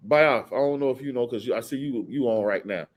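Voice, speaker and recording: A man leading a casual scripture study, talking loosely and reading Bible verses slowly and deliberately. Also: mid-range voice, slight background noise. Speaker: Bible teacher.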